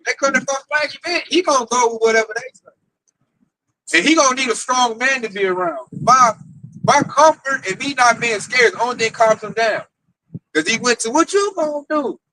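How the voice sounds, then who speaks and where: A man with an Oklahoma accent telling a story in casual talk, animated and acting out the quoted voices. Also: extremely high pitch, moderate pace, a little hiss or hum, low-quality recording. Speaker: camp member telling a story.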